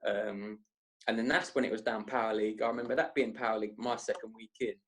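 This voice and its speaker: A young man, telling rambling, animated stories in a casual podcast chat. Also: on the low side, quick pace. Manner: rambling, animated, slangy storyteller. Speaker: podcast guest.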